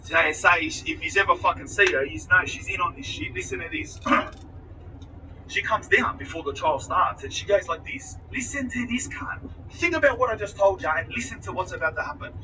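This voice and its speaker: A man's voice: high-pitched, a little fast, pushed and bright, distant mic, slight background noise, rough recording. A man telling a story in casual, profane talk, acting out other people's lines as he goes. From Australia.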